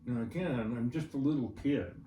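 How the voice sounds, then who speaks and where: With a warm, medium-pitched voice at normal speed, an older man who trains horses shares a personal story in an interview. His folksy manner includes frequent check-ins like "right?" and "all right?" He sounds distant in a roomy space with faint ambience.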